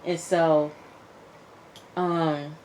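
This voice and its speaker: A woman casually recapping a TV episode, chatty and animated, acting out the characters' lines as she tells it. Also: low voice, drawn-out words, a little hiss or hum. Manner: chatty, animated retelling with quoted dialogue. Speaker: TV show reviewer.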